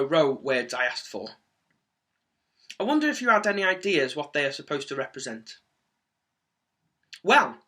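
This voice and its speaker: A man leading a children's singing lesson, speaking clearly and encouragingly with lots of energy. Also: on the high side, bright, forceful tone. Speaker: music teacher.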